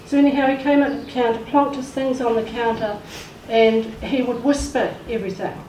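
A woman's voice: fairly high pitch, fairly even intonation, a little fast, warm tone. A woman giving an emotional testimony in a church service, acting out the voices of the people she quotes. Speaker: church speaker sharing a testimony. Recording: echoey room, far from the mic, faint noise.

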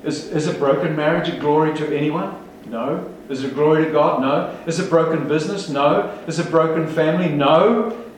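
Emphatic preacher in an echoey hall. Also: male voice, fairly high pitch, normal speed, hardly any pauses, slight background noise. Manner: emphatic, rhetorical questions, rousing. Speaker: pastor. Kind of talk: sermon. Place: large church hall. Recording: echoey hall, speaker far from mic.

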